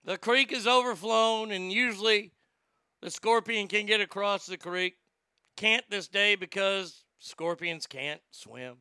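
A man goes on a blustering, profane comedic rant and stammers when he gets worked up. His voice sits high and very bright with a gravelly rasp. It is recorded dry on a close mic. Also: a little slow, dry recording.

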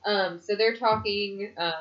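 Woman, casual wrestling chat, swearing, animated, dull recording. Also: mid-range voice, unhurried. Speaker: podcast co-host.

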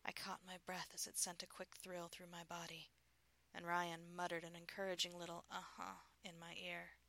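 A woman reading a first-person adult story in a soft, breathy, intimate voice. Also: on the low side, completely flat delivery, moderate pace. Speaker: narrator.

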